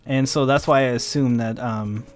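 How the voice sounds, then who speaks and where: A man's voice: medium pitch, normal speed. A tired young man telling a rambling story in a casual way while he plays a game, acting out both sides of the conversation. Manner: rambling, animated, mimics the other side of the conversation. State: tired, yawning. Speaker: gaming video host.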